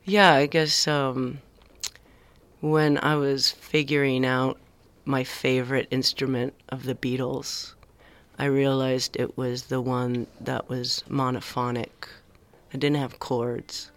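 With an extremely low, level voice and a Valley girl accent, a middle-aged musician from the San Fernando Valley chats in a relaxed radio interview. She drifts along slowly and hesitantly, full of ums and softly trailing side comments.

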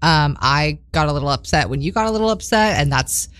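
A young woman co-hosting a podcast, telling a story in a casual, animated way, laughing often and acting out quotes. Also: deep voice, a little fast, no echo. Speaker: podcast co-host.

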